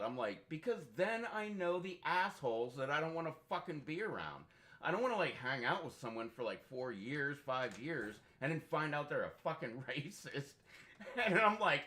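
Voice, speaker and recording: A young man talking loosely over a game stream, middling in pitch. He rambles through anecdotes, swears constantly and breaks into laughs. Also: moderate pace. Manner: profane, laughs often, animated storytelling. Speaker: gaming streamer. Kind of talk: casual rambling chat.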